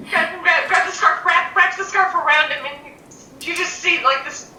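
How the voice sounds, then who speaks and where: Bright-voiced woman narrating a tabletop game. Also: very high voice, moderate pace. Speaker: game master. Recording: roomy, distant mic, faint noise.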